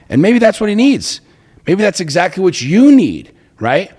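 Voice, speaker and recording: A man's voice: sits high, big pitch swings, normal speed, a little mellow, breathy edge. A man co-hosting a relationship podcast, talking bluntly and emphatically with plenty of profanity. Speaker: podcast co-host. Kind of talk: casual chat. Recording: long hall reverb.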